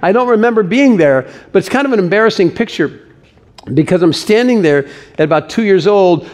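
A man's voice: sits high, lively intonation, fairly quick, a little mellow. A pastor preaching a sermon to his church, earnest and conversational, with joking asides.

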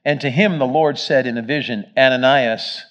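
A man preaching a sermon, telling the story with energy and swinging between loud emphasis and hushed moments. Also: mid-range voice, fairly quick. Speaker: pastor. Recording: dull, muffled sermon recording.

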